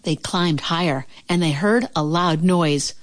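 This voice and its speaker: A woman reading a children's storybook aloud in a gentle, expressive way. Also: lowish voice, measured pace. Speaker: narrator.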